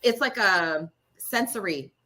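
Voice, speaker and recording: A woman's voice: mid-range voice, animated, slow pace, sharp tone. A woman radio personality, a guest in a casual interview, talking frankly with profanity, laughter and frequent fillers. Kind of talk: candid casual chat.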